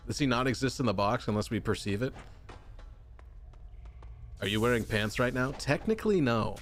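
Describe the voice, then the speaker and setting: A young man casually chatting on a gaming livestream, rambling, joking and answering chat. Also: a little hiss or hum. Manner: rambling, jokey, answers chat, bursts into high shouting. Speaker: streamer.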